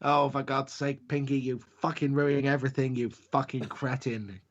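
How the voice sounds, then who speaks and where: A man's voice: medium pitch, level tone, moderate pace, lightly acted. Brain, a man putting on a ranting cartoon mouse. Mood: exasperated ranting. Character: foul-mouthed ranting male cartoon lab mouse. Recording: dull lo-fi recording.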